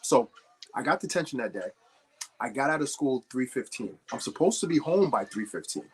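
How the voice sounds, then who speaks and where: A man's voice: mid-range voice, animated, normal speed, breathy edge. Chatty young man rambling while building. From New Jersey. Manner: rambling anecdotal storyteller, chats with viewers. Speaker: livestream host. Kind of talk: casual chat while building.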